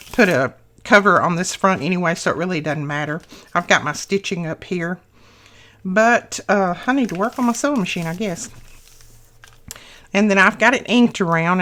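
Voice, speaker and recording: A woman's voice: mid-range voice, a bit bright. A woman hosting a casual craft tutorial, talking through each step in a chatty, homely way with small asides.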